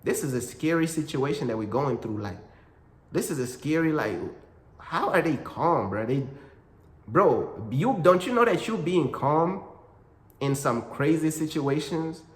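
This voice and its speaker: A man's voice: a little high, animated, unhurried. A man giving a casual faith talk, full of slang, calling the listener "bro" again and again. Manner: slangy, repeats "bro" and "you know what I'm saying". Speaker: Christian content creator. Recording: echoey room with long reverb.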